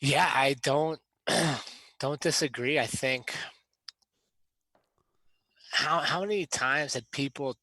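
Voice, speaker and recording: Bright-voiced animated male co-host. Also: medium pitch, slow, pauses often, no echo. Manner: animated, laughs easily. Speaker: podcast co-host. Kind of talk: casual chat.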